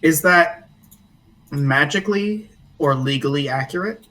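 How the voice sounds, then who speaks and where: A man narrates a tabletop game as game master, easygoing and full of little fillers. His voice sits a bit high for a man and sounds slightly away from the mic. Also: unhurried, distant mic, poor audio. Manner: relaxed, filler-heavy narration.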